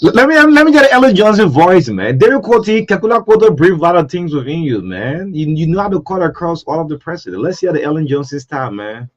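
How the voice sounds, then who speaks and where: Brief: teasing male host, lively and fairly high voice. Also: fast, few pauses. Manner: teasing, playful questioning. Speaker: radio show host. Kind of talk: casual chat.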